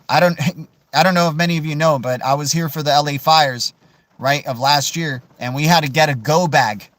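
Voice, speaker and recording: A man hosting a casual crypto livestream, answering viewer questions in an animated, emphatic way and tossing in "dude" and "man". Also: medium pitch, no echo. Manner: animated, peppers speech with "right?", "dude" and "man"; emphatic, swears mildly for emphasis.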